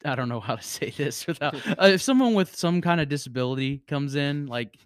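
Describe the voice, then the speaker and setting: A young man in his twenties, co-hosting a podcast, loosely telling rambling high school stories with many restarts. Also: expressive, brisk, no room sound, studio quality. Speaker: podcast co-host. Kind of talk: casual storytelling chat.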